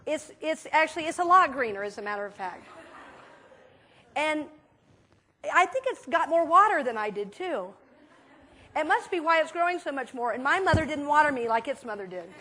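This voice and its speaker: A woman minister giving a conversational sermon, telling stories in a chatty, animated way with many fillers. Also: high-pitched, moderate pace, long pauses, a little hiss or hum. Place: church sanctuary.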